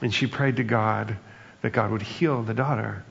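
A man's voice: fairly low pitch, fairly even intonation, normal speed, vocal fry, a little hiss or hum. A man preaching a sermon in a conversational, reflective way, often adding "right?" and "like" as he talks. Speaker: pastor. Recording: dull, lo-fi sound with long reverb.

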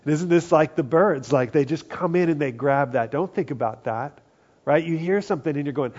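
A man preaching a conversational sermon, acting out quoted voices and often dropping to a hushed tone. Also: fairly high pitch, a little fast. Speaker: pastor. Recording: dull lo-fi sound.

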